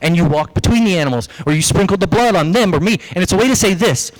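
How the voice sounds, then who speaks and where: A man preaching a sermon as pastor, lively, acting out the voices he quotes. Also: sits high, quick pace, rough recording. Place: church.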